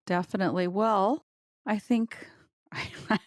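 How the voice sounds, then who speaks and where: A woman interviewer chatting in a relaxed way and prompting her guest for stories. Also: medium pitch, slow, no room sound, clean studio sound. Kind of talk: casual conversation.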